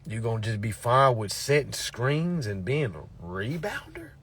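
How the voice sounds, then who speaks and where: A man's voice: mid-range voice, big pitch swings, unhurried, fairly bright tone, breathy edge. A man giving a preachy motivational talk to his followers, emphatic and repetitive, with blunt profanity. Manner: emphatic, repetitive, peppered with "all right?" and profanity. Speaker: motivational speaker.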